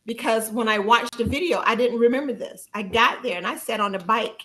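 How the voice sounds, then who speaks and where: A woman speaking fairly quickly shares a personal story as a guest on a podcast, in an animated, conversational tone. She laughs often, and her pitch jumps when she quotes herself.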